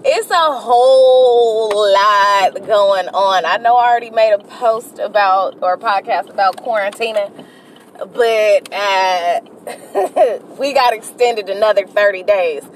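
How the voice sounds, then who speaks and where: A woman's voice: mid-range voice, slow pace. A woman, hosting a casual solo podcast, talking candidly and profanely in a rambling way with sudden outbursts, from inside a car. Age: early 30s. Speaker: podcast host. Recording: distant mic with car road noise.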